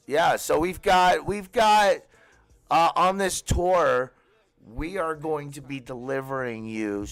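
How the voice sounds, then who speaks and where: A man hosting an online hip hop radio stream, chatting casually in a rambling, profane way and laughing often. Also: mid-range voice. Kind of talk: casual live-stream chat.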